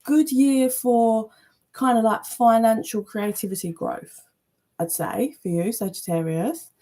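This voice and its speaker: A woman's voice: a little high, a little slow. Chatty woman reading tarot. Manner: chatty, animated, swears casually. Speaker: tarot reader. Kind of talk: casual channeled reading.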